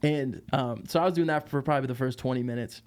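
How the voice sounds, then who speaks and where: A man telling a tour story as a podcast guest, lively and laughing, with lots of fillers. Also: medium pitch, fast talker. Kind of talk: casual storytelling.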